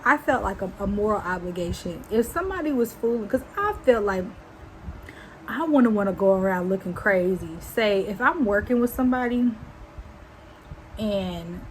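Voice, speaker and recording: Young woman spilling a storytime, does high voices for everyone, bit of faint noise. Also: poor audio. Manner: animated, acts out quotes in high voices. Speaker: vlogger. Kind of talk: casual storytime.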